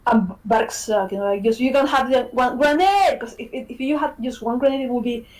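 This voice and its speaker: A woman's voice: on the high side, fairly quick, darkish tone, low-quality recording. A woman hosting a podcast, chatting casually and animatedly, swearing and laughing often. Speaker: podcast host, game developer. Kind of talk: casual chat.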